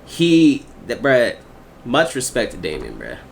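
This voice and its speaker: A man's voice: medium pitch, wildly swooping pitch, unhurried, creaky, a little hiss or hum. A man hosting a reaction video, commenting emphatically, repeating phrases and saying "bruh".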